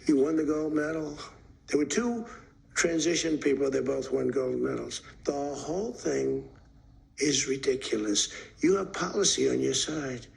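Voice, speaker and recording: A man's voice: a little high, a little slow, creaky, low-quality recording. A man giving a rambling off-the-cuff speech as president, emphatic and repetitive, acting out stories. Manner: animated storyteller acting out quotes.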